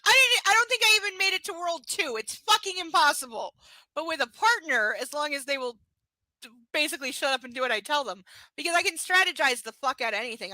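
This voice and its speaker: A woman live-streams a casual session, reading a novel aloud and chatting bluntly, cursing freely and ranting with animation. Her high, bright voice has a forceful tone, and the recording is rough with no room sound.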